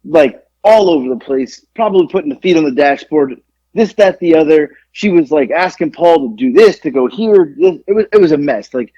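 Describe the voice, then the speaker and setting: Recorded dry with no echo in a home studio in Georgia, a man co-hosting a podcast rambles through a long, profane story, restarting often. His fairly high voice is warm and expressive at a normal speed, though the sound is dull and lo-fi.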